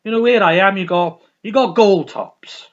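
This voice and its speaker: A man's voice: high-pitched, normal speed, a bit bright, lo-fi sound. A man vlogging in a heated, swearing rant full of restarts. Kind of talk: ranting vlog monologue.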